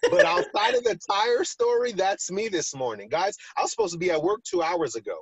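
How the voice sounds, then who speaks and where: A man casually telling a personal story on a talk show, animated and acting out the quoted lines. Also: sits high, fairly quick, gravelly, slightly rough, no echo, rough recording. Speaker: podcast co-host.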